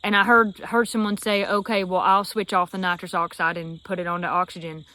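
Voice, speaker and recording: A woman's voice: on the low side, fairly quick. A young woman with a Southern US accent telling a story casually, acting out the voices she quotes. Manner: animated, acts out quoted voices. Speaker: vlogger.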